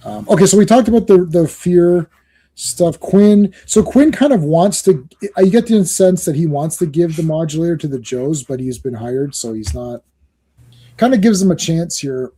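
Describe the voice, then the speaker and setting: A man hosting a comic book podcast in casual chat, excitable and rambling, often laughing and restarting his sentences. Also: fairly high pitch, moderate pace, breathy edge.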